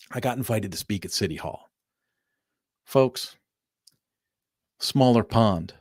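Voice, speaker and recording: A middle-aged man from Southern California hosting a casual livestream, telling stories with lively enthusiasm and calling his viewers "folks.". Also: mid-range voice, dry recording, studio quality. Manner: animated storyteller addressing viewers as "folks". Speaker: livestream host.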